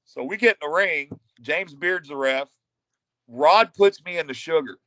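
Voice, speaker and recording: Dry-miked retired wrestler from Texas. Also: male voice, on the high side, unhurried, no room sound, low-quality recording. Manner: profane, animated anecdotes. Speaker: retired pro wrestler, guest. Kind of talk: casual storytelling.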